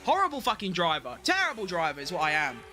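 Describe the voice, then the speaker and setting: A man giving excitable, self-mocking live commentary while playing a racing game, talking to himself as he drives. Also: sits high, quick pace, faint music behind. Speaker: gaming streamer.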